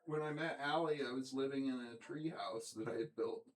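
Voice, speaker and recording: A man's voice: mid-range voice, brisk, poor audio. A young man in casual conversation, rambling through his stories with lots of "like" and "um" and hesitant restarts. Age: young adult. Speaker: host of the conversation.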